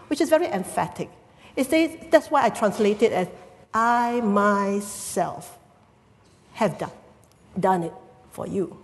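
A woman's voice: fairly high pitch, a little mellow. A woman from Singapore preaching a sermon, explaining the Greek words of the text and asking the congregation rhetorical questions. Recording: long reverb of a church hall.

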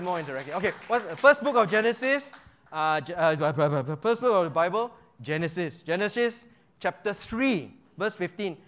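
A man's voice: fairly high pitch, a bit bright. A man teaching an interactive Bible lesson. He quizzes his listeners with frequent checks like "right?" and repeats key phrases for emphasis.

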